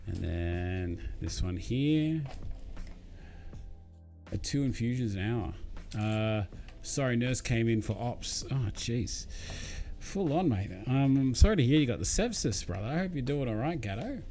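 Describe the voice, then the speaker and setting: A man's voice: medium pitch, animated, unhurried, warm tone, soft background music. A young Australian man chatting casually to viewers during a live build, rambling with lots of fillers. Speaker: streamer. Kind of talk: casual live-stream chat while building.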